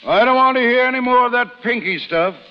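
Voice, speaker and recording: An actor playing a pompous, flustered sheriff who stammers placating "now, now"s, in a 1930s radio drama. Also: male voice, extremely high pitch, a little fast, clear, resonant tone, muffled recording. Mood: fussy, indignant. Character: pompous, flustered small-town male sheriff. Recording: hissy old broadcast with long reverb.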